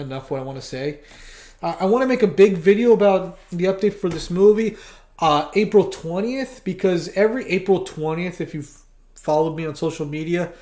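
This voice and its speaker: A livestream host who animates talks casually to viewers, stumbling over words and restarting sentences. The voice sits at a middling pitch. It rings in a roomy, echoey space. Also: a little mellow. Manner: halting, stammering with many restarts. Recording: roomy echo.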